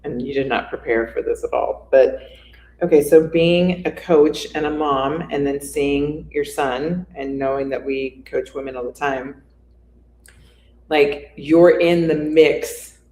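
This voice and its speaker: A woman's voice: deep voice, steady tone, a little slow, a little mellow. A woman coach co-hosting a casual interview chat. She talks conversationally and asks probing questions. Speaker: coach and co-host. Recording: roomy echo.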